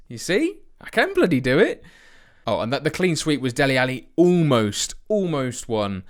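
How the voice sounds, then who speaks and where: A man's voice: medium pitch, clear, resonant tone. A man giving sarcastic, ranting commentary on a football management game he plays at home. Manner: sarcastic, ranting, swears for comic effect. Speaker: let's play host.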